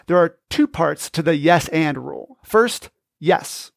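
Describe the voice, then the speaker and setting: A man's voice: a little high, lively intonation, a little slow, vocal fry, no room sound. A man hosting a podcast, giving scripted, upbeat, instructive narration into a close mic. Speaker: podcast host.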